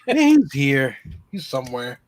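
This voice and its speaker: A man's voice: mid-range voice, huge pitch swings, unhurried. A man chatting casually on a livestream in loose, rambling sentences. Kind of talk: casual chat.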